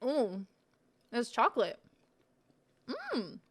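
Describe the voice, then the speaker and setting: A woman's voice: on the high side, expressive, slow pace, fairly bright tone, a little hiss or hum. A woman streamer chatting casually while she tastes snacks on a live stream, self-mocking and swearing freely.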